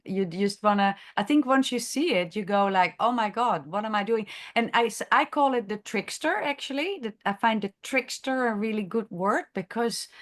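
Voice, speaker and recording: A woman who is a chiropractor, leading a masterclass discussion in an unscripted, halting way, thinking aloud with many fillers and restarts. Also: medium pitch. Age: adult, has a grown daughter. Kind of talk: unscripted teaching talk.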